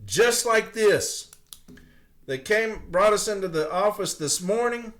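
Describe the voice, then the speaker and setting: Fired-up guy ranting on his podcast, cussing, slightly high voice. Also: animated, takes it slowly, fairly bright tone. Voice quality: angry, profane, emphatic. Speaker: podcast host. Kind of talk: ranting monologue.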